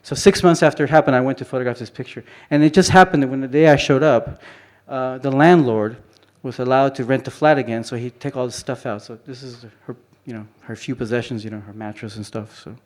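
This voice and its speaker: In a conference hall, a photographer gives an informal presentation on his work, rambling, restarting often, and leaning on "you know" fillers. His mid-range voice moves fairly quickly with few pauses.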